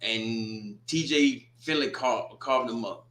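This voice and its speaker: Man, casual football recap, animated and joking, bright forceful voice, echoey room. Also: medium pitch, takes it slowly. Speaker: sports commentator.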